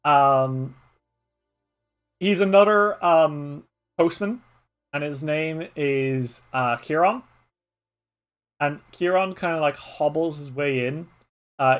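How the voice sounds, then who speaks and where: A man's voice: a little high, expressive, takes it slowly, pauses often. A man with an Irish accent narrating a solo tabletop game as game master in a rambling way, with many fillers.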